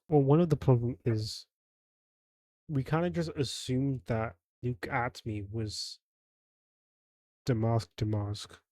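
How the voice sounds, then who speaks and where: A man's voice: medium pitch, dark tone, no echo, clean studio sound. A man streaming a courtroom game, reading the characters' lines aloud and acting out their voices. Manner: acting out several characters, laughing. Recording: faint game music behind.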